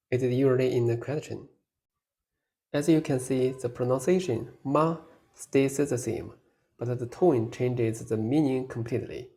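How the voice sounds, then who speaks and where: A man teaching a beginners' pronunciation lesson in a scripted, deliberate way, holding out model syllables for the listener to repeat. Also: mid-range voice, mellow. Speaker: language teacher.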